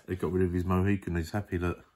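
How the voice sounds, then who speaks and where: A man's voice: low voice, little pitch movement, quick pace, a little mellow. An older man chatting playfully about a picture book as it is read aloud, making puns and pointing things out. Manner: chatty, playful, punning remarks. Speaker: great-uncle reading aloud. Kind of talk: casual picture-book commentary.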